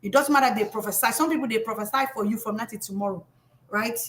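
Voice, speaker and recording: A high-pitched Nigerian woman coaching her audience on money. Her delivery is animated and emphatic, scolding her listeners while keeping some humor. She sounds middle-aged and rises often for emphasis. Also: quick pace, a little hiss or hum. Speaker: financial coach. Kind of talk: live motivational talk.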